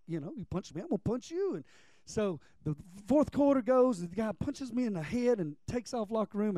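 A middle-aged man preaching a sermon, telling stories with emphasis and dropping quiet for personal memories. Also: sits high, no echo.

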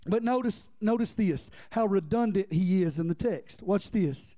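A male preacher delivering a sermon with impassioned, rhythmic repetition and bursts of shouting, speaking directly to the congregation. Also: sits high, normal speed, few pauses.

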